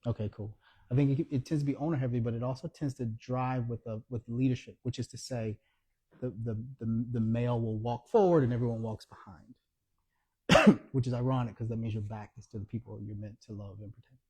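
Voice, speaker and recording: An author at a live book talk, his voice mellow and a little husky. He tells his story with energy and acts out the dialogue of the people in it. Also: mid-range voice, a little fast. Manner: animated storyteller acting out quoted dialogue. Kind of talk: storytelling conversation.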